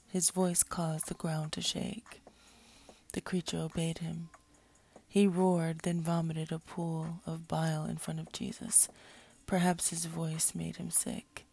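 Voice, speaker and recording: A woman narrating a story in a hushed, breathy, gravelly voice. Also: lowish voice, little pitch movement, measured pace.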